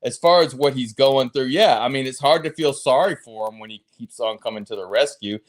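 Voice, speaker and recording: A man co-hosting a podcast, speaking in a measured, reflective way with frequent laughs. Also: medium pitch. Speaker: podcast co-host. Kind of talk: casual chat.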